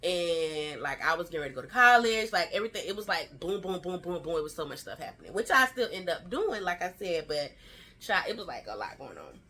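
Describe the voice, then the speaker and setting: A woman in her thirties telling a chatty, animated storytime to her vlog viewers. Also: lowish voice, fairly quick. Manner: animated storytelling, acts out quoted family lines; chatty and slangy, fillers like "child" and "y'all". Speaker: vlogger.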